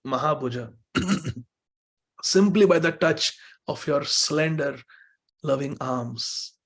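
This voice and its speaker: A male preacher delivers a devotional sermon in a somewhat high, gravelly voice. He acts out the quoted lines with feeling, drawing out words and pleading, then drops back into quieter explanation. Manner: emotive, pleading when voicing quoted lines, stretches words slowly. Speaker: speaker giving a devotional class. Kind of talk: devotional sermon, acting out dialogue from a verse. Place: temple hall.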